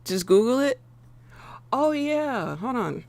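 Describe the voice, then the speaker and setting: Gravelly-voiced American woman streamer. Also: on the high side, sing-song, takes it slowly, a little mellow, no room sound. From United States. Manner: playful, chatty, often laughing, talks straight to the chat. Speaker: live-stream trading host. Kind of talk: casual live-stream chat.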